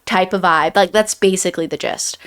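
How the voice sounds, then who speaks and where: A woman's voice: on the low side, brisk, fairly bright tone, smooth. A woman co-hosting a book review podcast, summarizing the plot in casual chat, rambling with many restarts and fillers.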